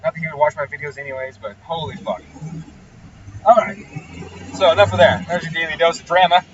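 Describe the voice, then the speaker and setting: A man's voice: on the high side, fairly even intonation, fairly quick, far from the mic, dull audio, a little hiss or hum. A man who tunes engines talks casually and bluntly, swearing freely as he rants and explains his work. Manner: profane, ranting, blunt. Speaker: engine tuner. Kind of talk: casual explanatory vlog talk.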